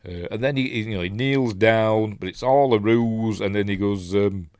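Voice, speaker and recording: Low-voiced Yorkshire man rambling through a film. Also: normal speed, darkish tone, dry recording. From Yorkshire, England. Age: middle-aged. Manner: rambling, chatty, many fillers and restarts. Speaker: film review host. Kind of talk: casual live commentary on a film.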